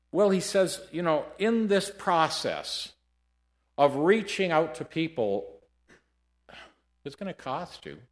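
A man preaching a sermon, telling stories and dropping to a hush before rising loudly. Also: fairly high pitch. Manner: storytelling, lively shifts between hushed and loud. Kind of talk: sermon with anecdotes.

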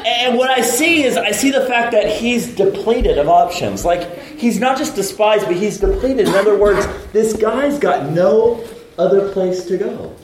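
A man preaching a lively sermon in a casual, slangy way, swinging between loud outbursts and hushed asides. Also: high-pitched, a little slow. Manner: casual, slangy delivery with frequent laughs. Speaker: pastor. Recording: echoey hall from a distance.

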